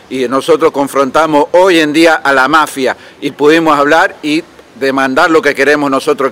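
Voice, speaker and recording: A man's voice: medium pitch, bright, forceful tone, a little hiss or hum. A man protester giving a rallying speech outdoors on the street. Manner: rallying, declamatory.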